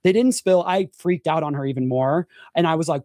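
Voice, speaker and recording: A young man with a fairly high voice recounts his story, leaping up in pitch whenever he acts out what others said. The sound is dry and close, with no room around it, and his talk runs loose and chatty with plenty of fillers. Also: fast talker, few pauses, no room sound. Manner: animated storyteller, acts out quotes with big pitch jumps, frequent "like". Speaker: podcast guest, former reality show contestant. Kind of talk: casual storytelling interview.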